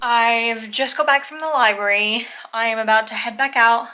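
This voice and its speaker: A woman's voice: fairly high pitch, steady tone, moderate pace, sharp tone, soft background music. A woman in her twenties from England with a mixed British and French accent, chatting casually and upbeat as a student vlogger while out and about. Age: 20s. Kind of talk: casual vlog narration. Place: car and out and about.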